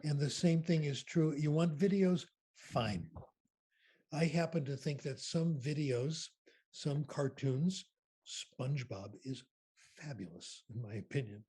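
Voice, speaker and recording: Older male keynote speaker, husky and raspy, unhurried and emphatic. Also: on the high side, warm tone. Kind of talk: conference question-and-answer.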